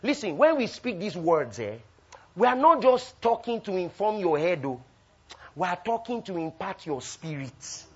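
A man preaching a sermon with call-and-response, swinging between loud bursts and soft asides. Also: sits high, very animated, normal speed, breathy edge. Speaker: pastor. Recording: dull lo-fi recording.

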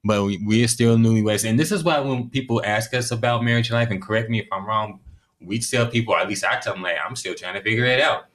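A man's voice: lowish voice, quick pace, fairly bright tone. A man co-hosting a podcast in casual chat, easygoing and chuckling. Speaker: podcast co-host.

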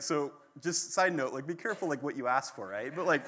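A male pastor delivers his sermon in an easygoing, conversational style, animated as he tells the story. His voice is bright and forward. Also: fairly high pitch, fairly quick, few pauses.

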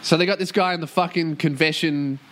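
A young man rants through a casual podcast monologue, swearing freely and jumping into exaggerated voices to act out what others said. His speaking voice sits a little higher than most men's. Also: a little fast. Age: young adult. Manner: sweary, animated, acts out quotes in loud put-on voices. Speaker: podcast host.

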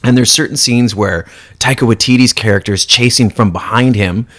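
A man's voice: mid-range voice, a little fast. A man chatting casually about a film, acting out scenes and swearing freely as he stumbles over his words. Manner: animated, acts out scenes in put-on voices.

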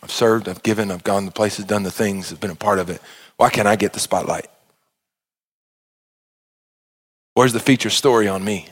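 A man voicing a self-righteous churchgoer who quietly complains about getting no credit. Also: lowish voice, steady tone, fast, pitched below the performer's own voice, natural voice. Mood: grumbling. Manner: hushed, mumbling, complaining.

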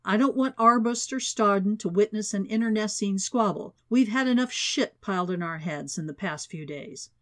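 A man's voice: high-pitched, moderate pace, few pauses, fairly bright tone. A woman voicing a commanding male spy director. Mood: authoritative. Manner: curt, authoritative.

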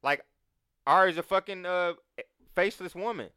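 Male talker, bright crisp voice, dry close sound, animated and profane, acts out quotes. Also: sits high, moderate pace, no room sound. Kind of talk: casual chat.

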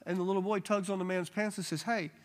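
A man teaching a Bible study to a live group, telling stories in a casual, animated way and acting out the people he quotes. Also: sits high, fast. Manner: animated storyteller, acts out quoted voices. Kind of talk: casual church teaching with storytelling.

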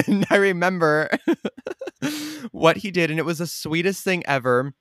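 A man's voice: a little high, moderate pace, a bit bright, clear, resonant tone, no echo, studio quality. A young man chatting casually with his older brother, playful and self-mocking, often breaking into giggles. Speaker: podcast co-host, younger brother. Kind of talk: casual chat.

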